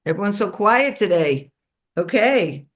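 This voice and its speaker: A woman's voice: mid-range voice, big pitch swings, a little slow. A woman leading a Bible study class, reading verses aloud and then explaining them in a chatty, informal way. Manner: conversational, with frequent fillers and asides to the class. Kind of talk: interactive class lecture.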